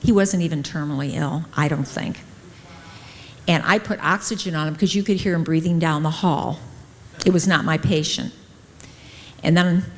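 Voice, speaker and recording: A middle-aged woman, a nurse, speaks at a conference in a slightly low voice, animatedly playing the people in her stories. Her words ring out with a long reverb from the large hall. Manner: lively, acts out quoted dialogue. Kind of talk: personal storytelling talk.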